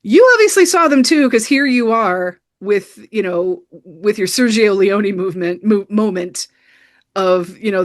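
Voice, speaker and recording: A woman co-hosting a podcast, casually recapping a film scene by scene with lots of "you know" fillers. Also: medium pitch. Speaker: podcast co-host. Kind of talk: casual film review chat.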